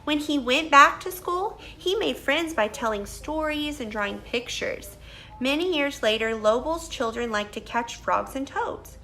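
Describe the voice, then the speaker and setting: A woman teacher reads a picture book aloud, stopping often to question and explain to young children. She speaks slowly in a bright, slightly high voice. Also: gravelly.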